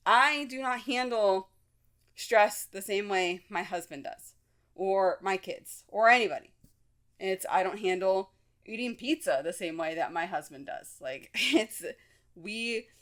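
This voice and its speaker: A woman hosting her own podcast, talking frankly and casually, with many fillers and restarts. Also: medium pitch. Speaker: podcast host; mother. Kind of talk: casual solo talk.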